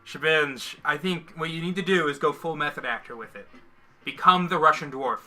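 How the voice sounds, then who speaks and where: A man's voice: on the high side, normal speed, sharp tone. A man co-hosting a casual livestream, rambling and joking as he trails off mid-thought, on one microphone shared between two hosts. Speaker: co-host of a livestream. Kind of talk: casual chat while painting miniatures.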